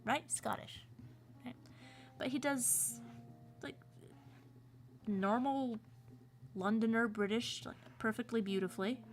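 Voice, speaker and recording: A woman's voice: fairly high pitch, slow, pauses often, soft background music. An American woman, a cartoonist and voice actor, chatting casually and rambling on her livestream with playful asides. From United States.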